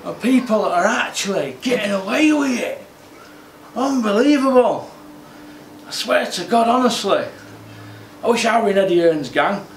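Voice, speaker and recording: A man's voice: high-pitched, animated, normal speed, pauses often, recorded from a distance, a little hiss or hum. A man, ranting about boxing in an exasperated, repetitive monologue. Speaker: boxing commentator. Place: home gym. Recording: echoey room, off-mic.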